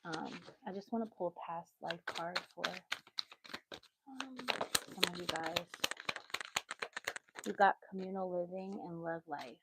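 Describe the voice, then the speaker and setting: A woman's voice: fairly low pitch, measured pace, long pauses, very noisy. A woman giving a casual tarot reading on a livestream, chatty and easily sidetracked, with motherly asides. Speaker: tarot reader.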